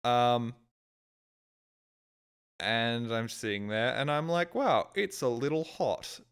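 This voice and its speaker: A man's voice: medium pitch, slow pace, smooth. A young man streaming a game, telling a long rambling story with plenty of swearing. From Australia. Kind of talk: casual storytelling.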